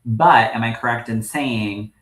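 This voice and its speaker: Animated man chatting, echoey room. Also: mid-range voice, unhurried. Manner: animated storyteller, laughs often, greets live viewers. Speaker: podcast co-host and medium. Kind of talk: casual livestream chat.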